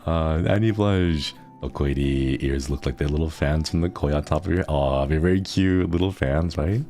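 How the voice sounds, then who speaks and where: A man's voice: extremely low pitch, lively intonation, drawn-out words, long pauses, a little mellow, soft background music. A man streaming casual chat with viewers, playful and rambling, often laughing.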